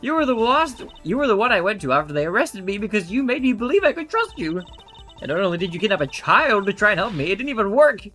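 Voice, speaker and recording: Haughty woman warden, voiced by a man: shrill, high, theatrical. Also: sing-song, fast talker, sharp tone, soft background music, exaggerated voice. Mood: furious.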